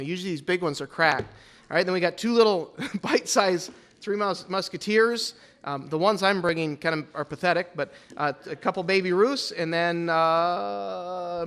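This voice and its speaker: High, bright-toned male pastor, playful and teasing, leading a church service. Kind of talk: church service, Bible trivia and introduction.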